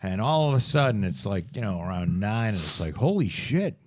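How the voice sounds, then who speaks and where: A man rants through crude political banter, swearing often. His pitch swings widely as he goes. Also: fairly quick. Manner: profane, ranting, animated. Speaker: podcast co-host.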